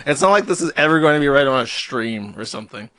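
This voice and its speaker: A man's voice: medium pitch, animated, quick pace, pushed and bright, no echo. A man hosting a live stream, reading posts aloud and mocking them in a sarcastic, profane, mock-serious tone. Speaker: streamer host.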